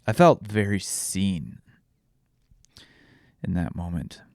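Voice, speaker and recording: A father telling a painful personal story while tearful, halting often and restarting his sentences. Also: low-pitched, big pitch swings, creaky, a little mellow, no echo, studio quality. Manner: halting, with many restarts and pauses. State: tearful, voice breaking. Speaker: vlogger sharing a personal story.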